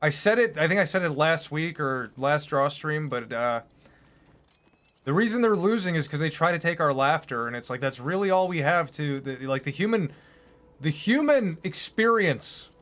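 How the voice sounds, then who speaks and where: A man's voice: a little high, lively intonation, moderate pace, fairly bright tone. A man streaming, chatting casually in a rambling, opinionated, profane way. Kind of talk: casual chat while streaming.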